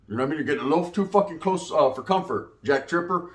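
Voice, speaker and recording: A man's voice: a little high, quick pace, a bit bright. A man, giving rambling, profane commentary in street slang with Spanish words mixed in. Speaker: commentary vlogger.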